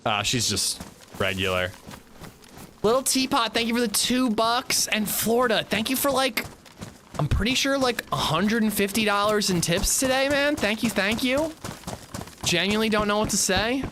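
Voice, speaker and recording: A man's voice: high-pitched, sing-song, normal speed, sharp tone, a little hiss or hum. A man streaming a game, chatting casually and reading chat aloud. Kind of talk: casual livestream chat while gaming.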